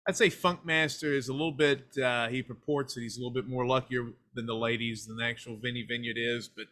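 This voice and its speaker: A man with an East Tennessee twang talks in a bright, forward voice, rambling through folksy stories as a guest on a casual podcast. His pitch sits in a middle range for a man. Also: steady tone, a little fast. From United States. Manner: folksy storyteller, slips into a hyped funky DJ persona. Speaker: guest, filmmaker and pro wrestler.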